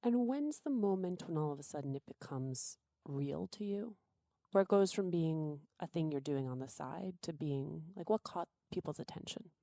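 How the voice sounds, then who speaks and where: A woman hosting a podcast, asking short, direct questions. Her voice is low and gravelly with a mellow tone, and it sounds dry and close. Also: expressive, normal speed, dry recording. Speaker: podcast host. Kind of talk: interview questions.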